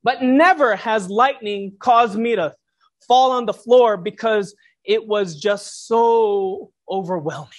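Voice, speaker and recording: Slow, reflective preacher. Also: mid-range voice. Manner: reflective, uses rhetorical questions. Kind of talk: sermon.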